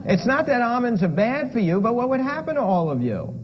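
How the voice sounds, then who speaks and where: A man with a high, very lively voice gives a playful lecture with props and keeps quizzing his audience. The recording is dull and lo-fi, with clear noise behind him. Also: brisk. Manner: playful, asks the audience questions. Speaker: lifestyle medicine lecturer.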